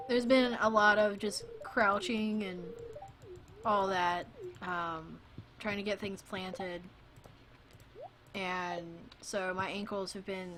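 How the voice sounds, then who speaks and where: A woman's voice: medium pitch, fairly bright tone, a little hiss or hum. A young woman streaming a farming game, chatting casually and self-mockingly, reading game lines aloud in goofy voices. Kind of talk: casual gameplay chat.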